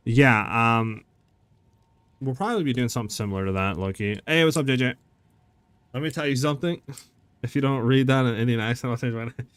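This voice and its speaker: A man's voice: medium pitch, brisk, pauses often, fairly bright tone, clean tone, no room sound. A man streaming a game, chatting casually with his viewers in a laid-back, talkative way. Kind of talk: casual live-stream chat while gaming.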